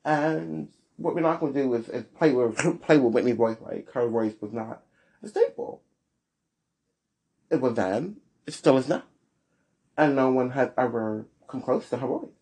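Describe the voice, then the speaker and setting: A man hosting a solo podcast, giving blunt, sassy opinions with big swings in pitch. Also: darkish tone. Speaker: podcast host.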